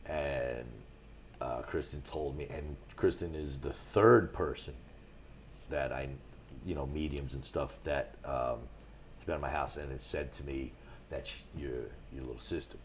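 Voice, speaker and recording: A man, a guest on a talk show, telling rambling stories with a lot of restarts and getting animated as he goes. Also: very deep voice, measured pace, a little hiss or hum. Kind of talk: casual storytelling on a talk show.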